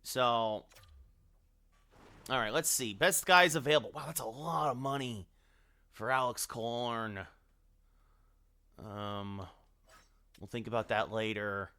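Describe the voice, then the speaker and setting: Man thinking aloud on a bright, sharp stream. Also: mid-range voice, slow, pauses often. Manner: rambling, thinks aloud while scrolling, chats to viewers. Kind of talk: live game-stream commentary.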